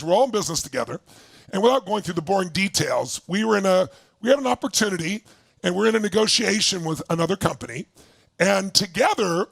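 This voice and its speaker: A middle-aged man telling a story to an audience, acting out his partners' voices and shouting when he quotes anger. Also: high-pitched, dry recording. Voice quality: gravelly, husky voice. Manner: animated, shouting while acting out angry quotes. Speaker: motivational speaker.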